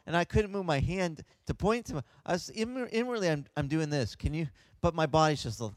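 A man who is a pastor, telling a lively personal story and acting out the voices of the people in it. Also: high-pitched, moderate pace, dry recording. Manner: animated, acts out voices of others. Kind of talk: storytelling anecdote.

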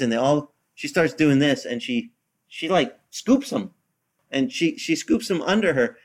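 A man giving an informal Bible teaching, animated and repetitive, acting out the voices he quotes. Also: fairly high pitch. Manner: animated, acts out quoted voices, many restarts. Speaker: pastor.

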